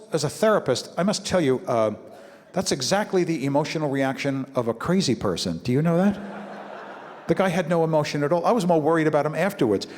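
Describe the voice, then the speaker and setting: Brooklyn comedian telling stories in a big hall. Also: male voice, fairly high pitch, quick pace, slight background noise. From Brooklyn, New York. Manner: animated storytelling with acted-out voices. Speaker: comedian and motivational speaker. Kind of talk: stand-up comedy talk to an audience. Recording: live hall with long reverb, faint ambience.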